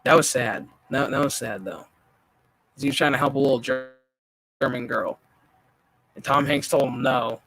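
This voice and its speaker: A man hosting a gaming stream, telling a story in casual chat, profane and animated. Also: mid-range voice, normal speed, long pauses.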